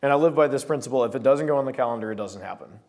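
A man's voice: mid-range voice, rapid-fire. A young man preaching a sermon to a small gathering, telling stories and acting out quoted voices. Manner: animated storytelling with voiced quotes.

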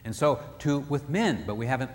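A man's voice: mid-range voice, lively intonation, fairly quick. A man speaking at a marriage seminar, telling stories to an audience with emphatic repetition. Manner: storytelling, acts out quoted voices; emphatic, repeats phrases. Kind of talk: live seminar talk to an audience. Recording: reverberant hall, faint background noise.

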